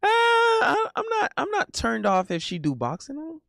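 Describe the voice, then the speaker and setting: A man streaming casual banter in a playful, animated way, breaking into silly sound effects. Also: high voice, a little fast, vocal fry, dry recording, studio quality.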